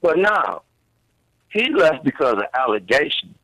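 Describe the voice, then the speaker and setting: A man's voice: a little high, sing-song, measured pace, gravelly, sharp tone, no echo, low-quality recording. A man speaks as a talk show guest in a mid-range voice that rises and falls a lot. He argues earnestly and emphatically in casual speech. The recording is close and dry. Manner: earnest, emphatic, informal grammar. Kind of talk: political talk show discussion.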